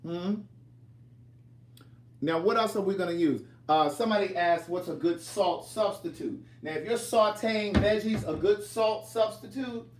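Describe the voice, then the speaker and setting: While cooking, a man chats with his livestream viewers, teasing them and reading their comments aloud. His voice is a touch high and moves up and down with lively energy, and the home kitchen sounds roomy and echoey.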